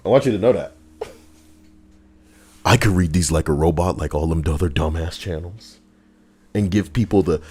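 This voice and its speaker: Brief: male streamer, young, reads stories and riffs with crude humor, deeper voice. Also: moderate pace, slightly rough. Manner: animated, profane, jokey asides. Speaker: streamer reading viewer stories. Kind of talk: livestream reading with comic riffing.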